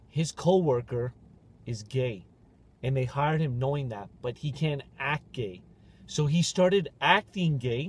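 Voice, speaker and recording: A man's voice: mid-range voice, slightly rough. A man hosting a podcast, telling stories in casual, joking banter. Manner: animated, joking storyteller. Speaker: podcast host.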